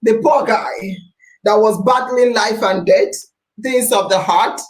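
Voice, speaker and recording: Impassioned female podcast host, fairly high voice, unhurried and emphatic. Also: poor audio. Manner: emphatic, preachy, repeats phrases, rises to near-shouts.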